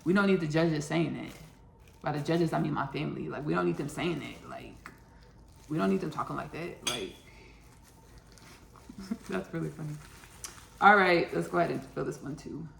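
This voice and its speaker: A woman from Texas with a Texan accent chats through a home cooking video, repeating herself as she works. Her voice sits low and has a heavy gravelly fry. The sound is roomy, as in an echoey kitchen, with faint noise behind her. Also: moderate pace, pauses often. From Austin, Texas. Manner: chatty, repeats phrases, laughs at own jokes. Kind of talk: casual cooking vlog.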